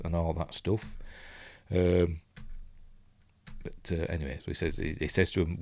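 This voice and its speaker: A man's voice: low voice, lively intonation, normal speed, pauses often, no echo, studio quality. A man with a Yorkshire accent chatting loosely through a film breakdown, full of ums and forgetful asides. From Yorkshire, England. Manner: rambling, lots of ums and asides. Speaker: film reviewer.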